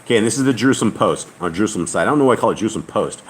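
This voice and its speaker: A man leading a Bible study, reading scripture aloud and pausing to add casual, halting comments of his own. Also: lowish voice, animated, rough recording. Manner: reads aloud steadily, then breaks off to comment casually; halting asides with restarts.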